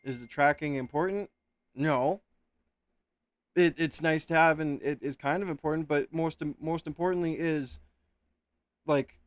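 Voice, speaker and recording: A man's voice: fairly high pitch, steady tone, moderate pace, no room sound. A man in his thirties hosting a casual livestream from home, rambling and frustrated, swearing and then correcting himself. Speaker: livestream host. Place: home room. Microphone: webcam setup at home.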